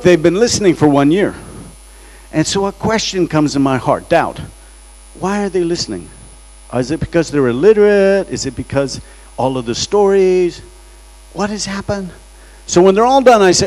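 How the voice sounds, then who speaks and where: Guy with a high voice preaching, tells the story big and acts out the people in it. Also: darkish tone, poor audio. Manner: dramatic, acts out quoted voices. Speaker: guest preacher. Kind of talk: storytelling sermon. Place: church sanctuary.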